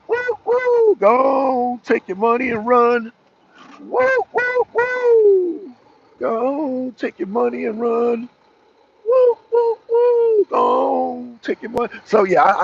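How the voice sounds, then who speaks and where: A man hosting a political talk show, delivering fiery, animated commentary and calling out members of his chat by name. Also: slightly rough, highs cut off. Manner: fiery, addresses chat by name, sings falsetto snippets.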